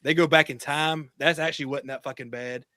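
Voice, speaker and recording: A man's voice: fairly high pitch, steady tone, fairly quick, sharp tone, dry recording. A man co-hosting a podcast, telling stories in casual, profane banter and laughing easily. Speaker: podcast co-host.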